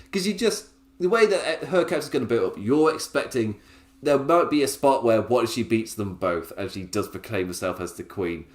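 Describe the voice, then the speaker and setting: A man's voice: medium pitch, roomy sound. A man hosting a podcast, recapping in a chatty, casual way with frequent laughs. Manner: chatty, laughs often, restarts sentences. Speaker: podcast host.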